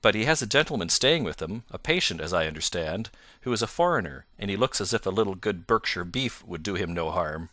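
A man's voice: sits low, animated, a little fast, pushed and bright, no echo, studio quality. A man reading as a chatty country station master. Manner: polite, gossipy.

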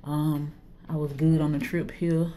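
A woman's voice: sits low, little pitch movement, a little slow, dark tone, a little hiss or hum. A woman chatting casually into her phone in a clinic waiting room, nervous and laughing between phrases. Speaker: vlogger. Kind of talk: casual vlog chat.

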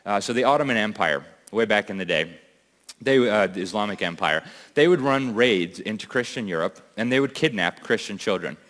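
A man speaks from a stage to a conference crowd, urgent and emphatic, firing off rhetorical questions. His voice sits fairly low. The sound rings with the long reverb of a big hall. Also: expressive, fairly quick, a bit bright. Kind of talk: impassioned speech to a live audience. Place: large event hall.

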